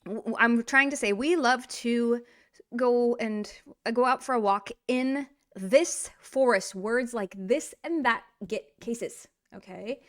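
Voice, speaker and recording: A woman teaching a casual language lesson, animated and playful, speaking straight to the learner. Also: on the high side, slow pace. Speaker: Russian teacher.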